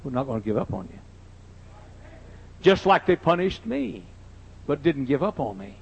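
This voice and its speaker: A man's voice: on the high side, sing-song, moderate pace, creaky, slightly rough. An older man, a pastor, telling folksy, joking anecdotes in a sermon. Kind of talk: humorous sermon storytelling. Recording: dull lo-fi sermon recording.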